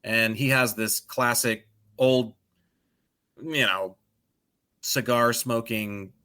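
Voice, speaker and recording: Bright-voiced man ranting on a podcast. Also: mid-range voice, fairly even intonation, slow pace. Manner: ranting, profane, sarcastic. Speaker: podcast co-host. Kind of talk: casual chat.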